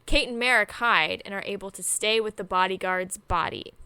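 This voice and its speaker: A young woman walks through a book's plot in casual podcast chat, dropping dry, sarcastic remarks along the way. Her voice is bright and crisp, and the recording is close and dry, with no room sound. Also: medium pitch, moderate pace, no room sound. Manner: wry, sarcastic asides while summarizing. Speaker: podcast co-host. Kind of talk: casual chat recapping a novel.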